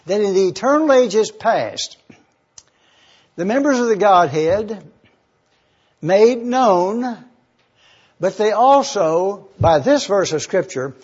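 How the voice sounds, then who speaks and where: Man teaching scripture, high husky voice, deliberate, spells words out, dull lo-fi sound. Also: a little mellow. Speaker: Bible teacher. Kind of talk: verse-by-verse Bible teaching.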